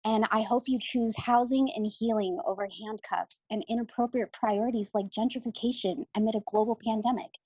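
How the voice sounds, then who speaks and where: A woman with a fairly high voice delivers a prepared public comment, earnest and audibly emotional. The sound is dry and close, with no room around it. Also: steady tone, brisk, few pauses, husky, no echo, rough recording.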